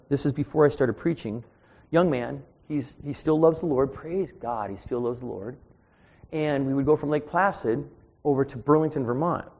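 A man's voice: mid-range voice, normal speed, a little mellow, husky. A man in his sixties preaching an informal, self-deprecating sermon from a church pulpit, with chatty asides to the congregation. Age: 60s. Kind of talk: conversational sermon with personal stories. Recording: dull, echoey church recording.

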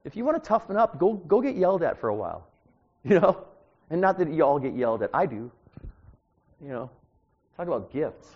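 A man delivering an informal sermon as a preacher, talking in a conversational, anecdotal way that grows louder when he gets animated. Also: on the high side, brisk, long pauses, slightly rough. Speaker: street preacher. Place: church. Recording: dull lo-fi sound.

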